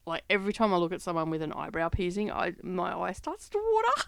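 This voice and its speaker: A woman's voice: on the low side, huge pitch swings, a little fast, creaky, fairly bright tone, no room sound. A middle-aged woman, casually telling a family story while she stitches, rambling and laughing often. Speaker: craft vlog host. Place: home craft studio.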